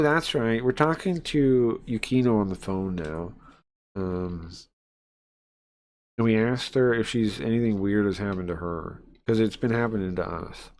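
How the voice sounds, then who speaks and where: A man's voice: lowish voice, a little mellow. A man streaming a horror visual novel, reading its lines aloud and chatting casually in between, with plenty of fillers and asides. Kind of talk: live let's-play, reading game text aloud.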